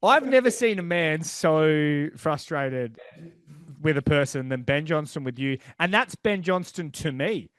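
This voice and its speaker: A man's voice: fairly high pitch, animated, unhurried, a bit bright, no room sound, studio quality. Bantering male podcast host. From Australia. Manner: banter, lots of filler words. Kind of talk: casual interview chat.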